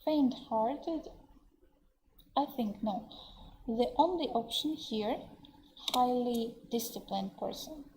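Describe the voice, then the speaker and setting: A woman with a Russian accent teaching English vocabulary in an online webinar, explaining words slowly and translating them into Russian. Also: fairly high pitch, darkish tone, a little hiss or hum, low-quality recording. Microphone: computer mic on a webinar.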